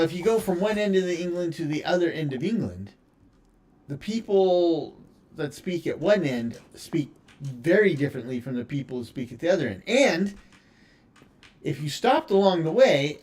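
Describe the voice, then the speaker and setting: An American man talks casually over his game stream, telling a meandering story full of fillers and false starts. His voice sits a bit high for a man. Faint clicks can be heard behind him. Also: darkish tone, a little hiss or hum. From United States. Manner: rambling storyteller with many fillers and restarts. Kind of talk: casual chat while playing a building game.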